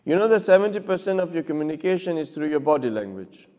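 A man's voice: on the high side, sing-song, fast talker, darkish tone. A man teaching a class, asking the listeners questions and acting out short examples. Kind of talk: classroom lecture. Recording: long hall reverb.

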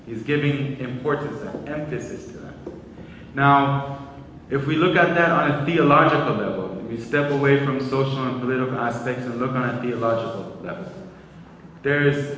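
A man's voice: mid-range voice, a bit bright, a little hiss or hum. Man lecturing in an echoey hall. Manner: measured, explanatory, repeats words when restarting. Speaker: Islamic lecturer. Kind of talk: religious lecture. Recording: echoey hall, speaker far from mic.

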